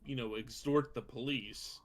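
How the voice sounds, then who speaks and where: A man's voice: medium pitch, steady tone, a little slow, crowd noise. A man co-hosting a game playthrough, cracking jokes and humming along in casual commentary. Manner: joking, hums tunes. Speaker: let's play co-host.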